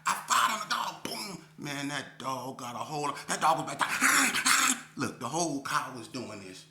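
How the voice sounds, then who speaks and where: A man's voice: normal speed, vocal fry. A man in a casual interview, telling a story in streetwise slang and checking in with listeners as he goes. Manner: animated, climbs high when retelling. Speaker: interview guest. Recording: echoey room with faint hum.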